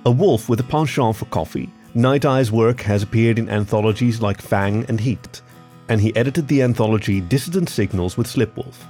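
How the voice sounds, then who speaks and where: A man hosting a podcast and narrating a story in a lively, expressive reading style. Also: fairly low pitch, moderate pace, soft background music.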